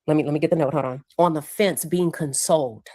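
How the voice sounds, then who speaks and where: A woman's voice: deep voice, fast talker, warm tone, dry recording. A woman recapping courtroom testimony, acting out the witnesses' words. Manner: acts out quoted witnesses with raised voice. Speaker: courtroom reporter.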